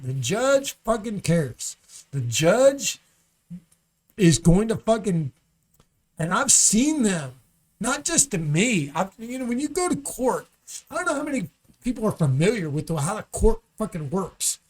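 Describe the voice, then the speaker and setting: A man with a strikingly high voice tells a profane comic story in a podcast studio. He rants with energy and swears all the time. Now and then he mimics a shouting judge. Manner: animated ranting, swears constantly, mimics angry judges. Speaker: comedian guest.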